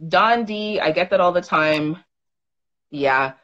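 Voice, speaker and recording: A woman in her thirties co-hosts a podcast, chatting casually while speaking frankly and emphatically and swearing freely. Her voice is lowish and a bit bright, and she talks at a slow pace. The audio sounds dull.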